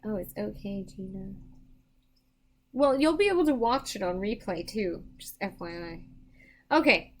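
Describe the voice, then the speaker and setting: A woman's voice: mid-range voice, lively intonation, measured pace, long pauses. A tired woman doing psychic readings on a live stream, chatting casually with viewers and rambling with many restarts. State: tired, yawning.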